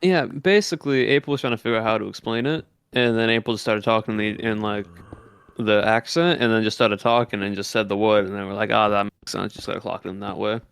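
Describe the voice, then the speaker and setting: A male streamer chatting loosely on stream, full of fillers, now and then stretching words into a lazy put-on Southern drawl. His desk mic squeezes the sound flat, so he comes across fairly monotone. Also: on the low side, a little fast, gravelly, clear, resonant tone, no echo. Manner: rambling, many fillers, explains things loosely. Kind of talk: casual stream chat. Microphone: desk microphone with built-in compression.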